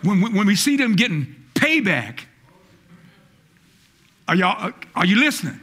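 Man, preacher, high voice, very animated, call-and-response sermon. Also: measured pace, long pauses, breathy edge. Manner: fiery call-and-response preaching, rising to shouts; acts out quoted voices, stammers on repeated words. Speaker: pastor.

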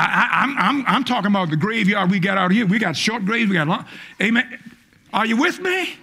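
A male pastor preaching a fiery call-and-response sermon, stammering on repeated words and rising to shouts. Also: high-pitched, breathy edge. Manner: acts out quoted voices, stammers on repeated words.

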